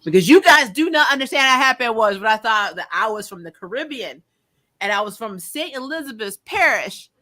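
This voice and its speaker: Woman stream host, bright tone, loose and laugh-prone chat delivery. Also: a little high, animated, fairly quick. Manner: chatty, laughs often, lots of ums. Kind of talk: casual livestream chat.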